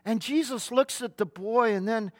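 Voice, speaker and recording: High-pitched guy preaching, earnest storytelling, lots of pauses, dry close sound. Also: no room sound. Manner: vivid storytelling with dramatic pauses; earnest, rhetorical questions to the listeners. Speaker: pastor. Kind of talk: sermon.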